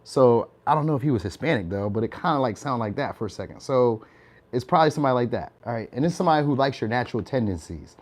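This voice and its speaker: A man in his young adult years gives an informal tarot reading in an easygoing, conversational way. His voice sits at a medium pitch. He laughs a lot and checks in with listeners by asking "all right?". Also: animated, fast talker. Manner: chatty, laughs often, tags lines with "all right?". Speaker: tarot reader.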